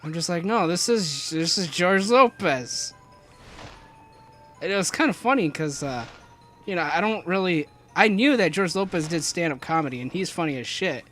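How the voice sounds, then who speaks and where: Rambling, joking young man over game music. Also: fairly quick. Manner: rambling, joking, many restarts and fillers; jumps to high excited yelps. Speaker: let's play commentator. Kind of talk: rambling gameplay commentary.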